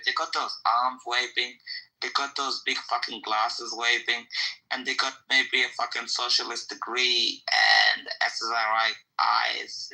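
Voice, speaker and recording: Male podcast host, very bright, tense tone, profane repetitive rant. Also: medium pitch, rough recording. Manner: heated, profane ranting with lots of repetition. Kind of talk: casual chat.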